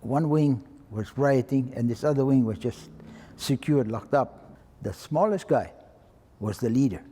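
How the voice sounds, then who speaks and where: Husky-voiced old man with Hawaiian Pidgin lilt. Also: mid-range voice, lively intonation, measured pace, dark tone, long reverb tail. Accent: Hawaiian Pidgin-tinged English. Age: 80s. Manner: plain-spoken, acts out quoted voices. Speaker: retired fire chief. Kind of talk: oral-history storytelling.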